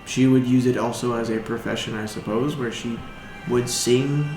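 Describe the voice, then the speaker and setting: A man's voice: medium pitch, fairly even intonation, moderate pace, echoey room, music in the background. A man narrating as game master in a tabletop game, casual and slangy, laughing often.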